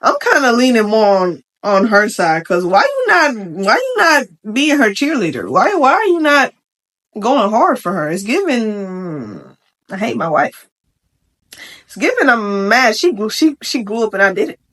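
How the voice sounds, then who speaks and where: A young adult woman giving casual commentary on a Reddit post, chatty and slangy, with frank opinions and quick asides. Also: on the high side, big pitch swings, fairly bright tone. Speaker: vlogger reacting to a Reddit post.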